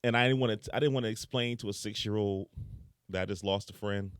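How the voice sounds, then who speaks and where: A man on a casual group podcast, telling a sad personal story slowly and with feeling. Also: fairly low pitch, fairly even intonation, smooth, no echo, clean studio sound.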